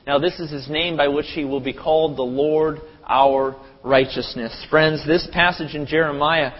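A man preaching in a church sanctuary with long reverb trailing his words. His voice sits fairly high, and he delivers the sermon animatedly, jumping into loud, high crowd voices. The audio is dull and lo-fi. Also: breathy edge. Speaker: pastor.

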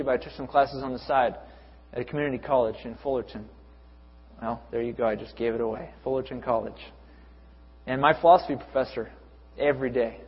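A man's voice: medium pitch, breathy edge. A young adult man preaching a sermon to a church congregation, often building to emphatic repeated lists. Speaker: pastor. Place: church hall. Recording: echoey hall, dull lo-fi sound.

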